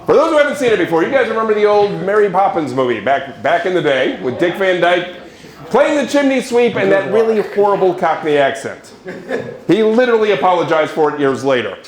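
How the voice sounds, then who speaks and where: A man hosting a live improv show, lively and joking with the audience. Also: high voice, a little fast, crowd noise. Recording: echoey room.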